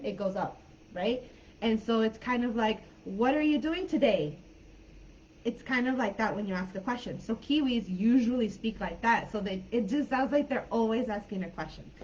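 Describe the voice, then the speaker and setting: A woman's voice: on the high side, a little mellow, muffled recording, slight background noise. An American woman from California teaching a live online English class in a chatty, informal way, with many fillers and hedges. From California, United States.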